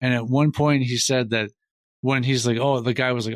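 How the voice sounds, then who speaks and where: A middle-aged Minnesotan man co-hosts a podcast, speaking at medium pitch and a fairly quick clip with no room sound. In casual chat he tells an anecdote, animatedly acting out the lines of the people in it.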